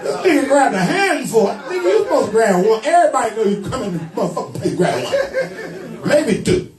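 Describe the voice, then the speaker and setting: A man with a very high voice, working through a rowdy stand-up roast with crude slang. His pitch swings all over the place as he tells his stories. The sound is echoey and distant, with a crowd laughing all around him. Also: wildly swooping pitch, a little fast. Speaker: stand-up comedian. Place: comedy club stage.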